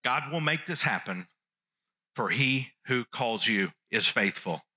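Bright-voiced male pastor preaching. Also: mid-range voice, animated, slow pace, slightly rough. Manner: earnest teaching, repeats key phrases. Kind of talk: sermon.

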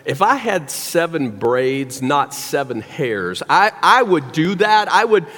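A man's voice: on the high side, big pitch swings, slow pace, pushed and bright. A man preaching a sermon, telling a story animatedly with wry, joking asides. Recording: long hall reverb.

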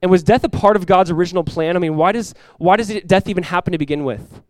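A man in his thirties, a pastor preaching a sermon and telling a family story with lively, rising emphasis. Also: high-pitched, quick pace, slight background noise. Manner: animated storytelling, rises loud when acting out his talks with his son.

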